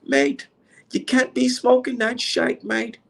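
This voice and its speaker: A man's voice: very high-pitched, takes it slowly, vocal fry, fairly bright tone, husky, pitched above the performer's own voice, full character voice. A man putting on a nagging British fan. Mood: scolding. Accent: put-on British. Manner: nagging, repeats "mate". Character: pushy British boxing fan, adult man.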